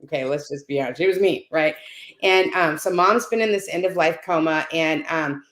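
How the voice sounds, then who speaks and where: A woman's voice: sits low, moderate pace, a bit bright. Earnest woman telling a heartfelt story. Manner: earnest storyteller, frequent "right?" and "you know". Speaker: guest on a panel talk. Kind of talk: storytelling in casual conversation. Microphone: video call. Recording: roomy echo.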